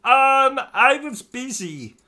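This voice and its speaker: A man's voice: very high-pitched, very animated, takes it slowly, bright, forceful tone, voice pushed up, heavily acted. A man voicing a meek, dim male sidekick who answers timidly and hesitantly.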